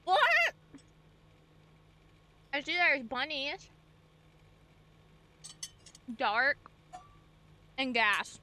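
A young woman streaming a game, giving bubbly, excitable commentary and talking to her chat. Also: on the high side, slow, long pauses, slight background noise. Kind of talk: gameplay commentary.

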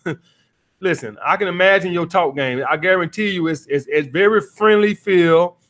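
This man's voice is high-pitched and fairly bright, moving at a moderate pace. He's a dating coach taking calls on an advice show, lecturing callers bluntly and cursing freely.

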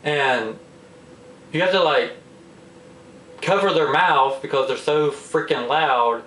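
A man vlogging in a casual, animated rant about annoying friends. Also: fairly high pitch, slow, far from the mic, a little hiss or hum. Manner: exasperated, animated complaining. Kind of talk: casual ranting monologue. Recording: roomy echo, a bit off-mic.

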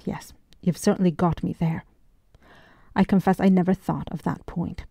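A woman's voice: lowish voice, fairly even intonation, normal speed, gravelly, warm tone, breathy edge, no room sound. A woman reading the lines of a proud young male French officer in an audiobook, sounding earnest and defensive.

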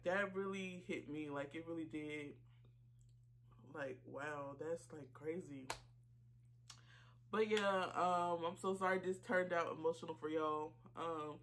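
A woman reaction vlogger, talking casually while choked up and tearful, halting with many fillers and apologies. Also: lowish voice, a bit bright. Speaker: YouTube reaction channel host. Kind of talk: casual reaction vlog talk.

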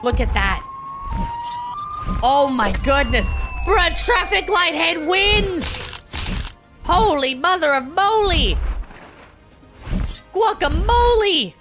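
A woman with a high voice reacts to a cartoon showdown in the manner of a video commentator, full of slang and dramatic exclamations. She takes her time, drawing out each line. Music plays clearly underneath her. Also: lively intonation, slow pace, long pauses. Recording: music playing behind the voice.

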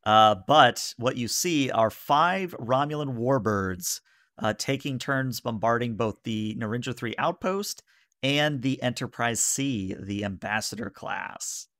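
A man's voice: mid-range voice, a little slow, a bit bright, no room sound, clean studio sound. A man running a tabletop game as game master, narrating casually with many fillers.

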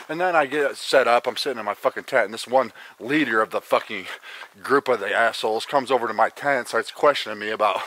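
A man's voice: mid-range voice, quick pace, a bit bright. A man vlogging on the trail, telling a story as a foul-mouthed, fired-up rant. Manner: profane, ranting storytelling. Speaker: hiking vlogger. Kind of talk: casual vlog monologue. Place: backcountry campsite outdoors.

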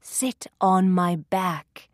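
A woman's voice: on the low side, fairly even intonation, no echo, clean studio sound. A woman reading a children's story, voicing a kind male bird who is a loyal friend. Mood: urging, kind. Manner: slow, warm-hearted storybook delivery.

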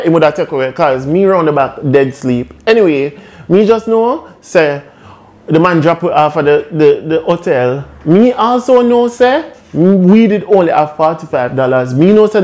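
Animated Jamaican man telling a story. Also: on the high side, normal speed. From Caribbean. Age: young adult. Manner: animated, laughing, lively patois storytelling. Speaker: vlogger. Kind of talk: comic storytime.

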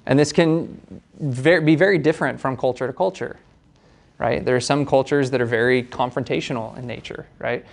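A man's voice: medium pitch, moderate pace, vocal fry. A young man giving a casual university lecture in a conversational, hedging way, checking in with frequent tag questions.

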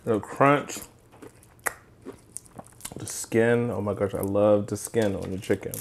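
A man's voice: on the low side, fairly even intonation, takes it slowly, creaky, background noise. Man, cooking vlog host, enthusiastic, talks to camera, home kitchen, handheld mic. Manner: chatty, enthusiastic, talks straight to viewers. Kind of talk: casual cooking vlog, taste test. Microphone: handheld microphone.

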